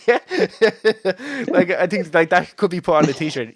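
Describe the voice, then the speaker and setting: A man with a high, very animated voice speaks slowly while hosting a podcast from home. His casual chat rambles, is full of fillers, and is punctuated by frequent laughter.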